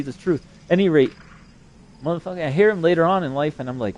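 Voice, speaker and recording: This young adult man's voice is a little high and sing-song, with a darkish tone, a normal pace, and frequent pauses. His monologue is a long, rambling, profane story, crude throughout and stuffed with fillers and swearing.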